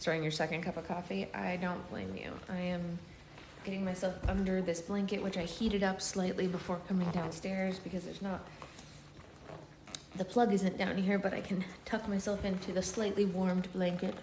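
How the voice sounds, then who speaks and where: A woman's voice: fairly low pitch, level tone, normal speed, darkish tone, rough recording. Woman, live-stream host, casual chatty talk, answers viewer comments, at home on phone, faint background noise. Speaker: book club livestream host. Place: at home, on the couch under a blanket. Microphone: phone on a tripod.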